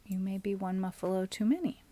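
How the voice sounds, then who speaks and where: A woman's voice: medium pitch, a little fast, dark tone, no echo. A young adult woman streaming a game, chatting casually and musing aloud while answering her chat.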